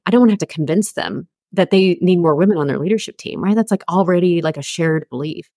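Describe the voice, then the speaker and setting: Female guest, 40s, career coach; candid and conversational, low register, dry sound. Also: no room sound. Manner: candid, chatty, many fillers. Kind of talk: conversational storytelling.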